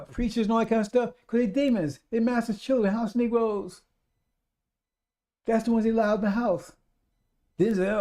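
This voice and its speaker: A man's voice: sits high, dark tone. A man preaching a radio sermon, emphatic and repetitive, speaking straight to his listeners.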